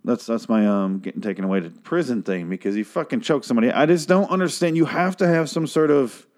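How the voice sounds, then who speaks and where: A man's voice: mid-range voice, expressive, fast talker, a little mellow. A man hosting a podcast, talking in a casual, rambling way full of swearing and filler words. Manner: profane, rambling, with frequent fillers. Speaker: podcast host reviewing a TV series.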